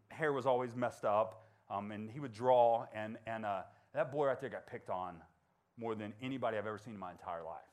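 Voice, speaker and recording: Male speaker, 40s, school talk, animated and conversational, acts out voices. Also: medium pitch. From Georgia. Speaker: motivational speaker. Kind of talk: storytelling talk to students.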